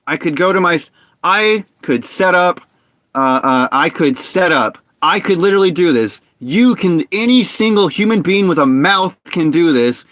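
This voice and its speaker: A young man streaming a game, talking in a ranting, opinionated way with halting restarts and frustrated outbursts. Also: high-pitched, animated, a bit bright, no echo. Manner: halting restarts and repeated words. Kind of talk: casual live-stream talk while gaming.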